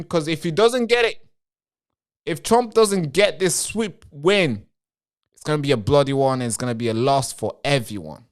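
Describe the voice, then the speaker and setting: A man's voice: on the high side, moderate pace. Man hosting a rambling live stream. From Britain. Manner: talks straight to viewers and answers chat comments, rambling.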